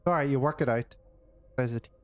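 A man's voice: medium pitch, fast, no echo, soft background music. A man co-hosting a gaming video, trading crude jokes and laughing often as they play. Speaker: gaming channel co-host. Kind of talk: casual let's-play banter.

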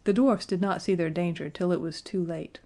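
Woman audiobook narrator, mellow and lowish, measured storybook reading. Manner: measured, gently expressive.

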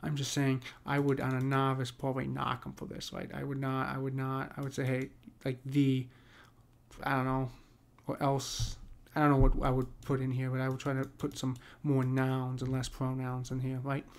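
A man's voice: medium pitch, monotone, normal speed, creaky. A man casually explaining poetry meter in a rambling way, often checking with "right?". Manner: rambling, repeats "right?" often, many restarts. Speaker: poetry teacher.

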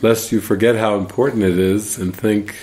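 A man giving casual spiritual commentary, telling stories in an animated way and laughing as he goes. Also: fairly low pitch, normal speed. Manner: animated storyteller, laughs while retelling. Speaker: spiritual teacher.

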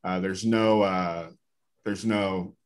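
A man doing stand-up comedy on a club stage, telling a story in a deadpan way and acting out the characters. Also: deep voice, slow.

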